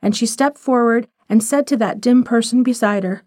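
Woman narrating a story, fairly high voice. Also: normal speed, dark tone, no room sound, studio quality. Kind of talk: scripted narration of a short story.

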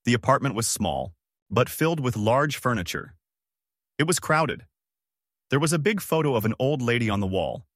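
A man's voice: mid-range voice, expressive, moderate pace, a bit bright, dry recording. Male narrator for a chapter book, dry close sound. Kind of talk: storybook narration.

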